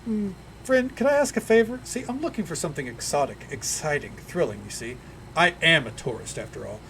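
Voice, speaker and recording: A man's voice: a little high, expressive, brisk, a bit bright, slight background noise. A man voicing a cheerful, chatty male halfling tourist, bubbly and over-eager in a sing-song way.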